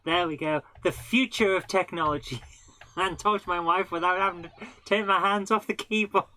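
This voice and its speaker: A woman's voice: on the low side, normal speed, pushed and bright, slight background noise. A woman hosting a live gaming stream, chatting casually and laughing at her own mistakes as she plays. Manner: chatty, self-mocking, laughs often. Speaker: live-streaming game host. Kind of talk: casual live gameplay commentary.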